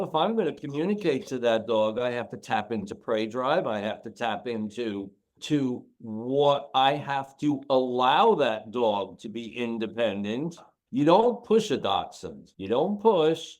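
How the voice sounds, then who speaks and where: Animated man talking about his work. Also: mid-range voice. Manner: animated, emotional, repeats himself for emphasis. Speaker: dog trainer and author, podcast guest. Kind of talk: casual interview talk.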